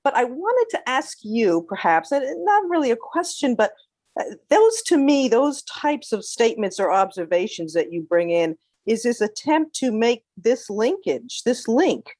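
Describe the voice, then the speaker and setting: A woman in the audience asking a question, full of praise and speaking haltingly as she searches for words. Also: on the high side, sing-song, darkish tone, dry recording. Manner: effusive, appreciative, halting.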